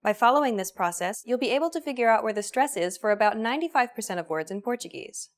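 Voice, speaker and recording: A woman hosting a language course, reading a scripted lesson in a clear, even teaching manner. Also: a little high, quick pace.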